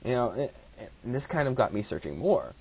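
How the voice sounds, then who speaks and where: A man telling a personal story casually, in a halting, profane way with many restarts. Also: medium pitch, very animated, vocal fry, a little mellow, breathy edge.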